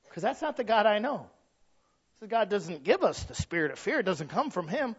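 A man preaching a sermon as a pastor, swinging from quiet storytelling to loud shouted points, with humor. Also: high-pitched, sing-song, brisk, slightly rough. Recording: dull lo-fi sound.

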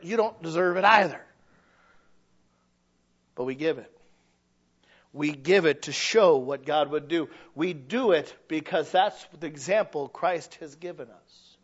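A man preaching a sermon. His delivery swings from loud shouting to quiet, low asides, and he acts out the quoted voices of his listeners. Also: lo-fi sound. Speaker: pastor.

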